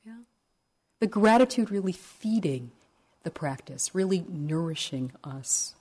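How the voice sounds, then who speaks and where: Low, mellow-voiced woman meditation teacher. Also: animated, measured pace, breathy edge. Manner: gentle, reflective storytelling. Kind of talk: dharma talk at a retreat.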